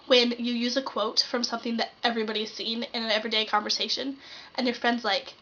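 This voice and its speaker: Sarcastic teen girl vlogger, exasperated comic rant, fairly high voice, dull lo-fi webcam audio. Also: flat delivery, fast talker, bright, forceful tone. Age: teens.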